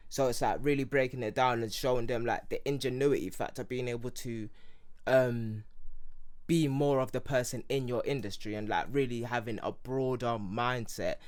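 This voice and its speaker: This is a young man with an English accent and Yoruba Nigerian roots, co-hosting a podcast in relaxed, rambling chat full of fillers. His pitch is medium and his pace moderate.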